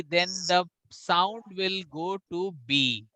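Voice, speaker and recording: Indian english guy teaching pronunciation, bright crisp voice, says words over and over, dry close sound. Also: a little high, expressive, no echo, poor audio. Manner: drills words by slow repetition, mixing in Hindi. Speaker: spoken English coach. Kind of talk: online pronunciation class.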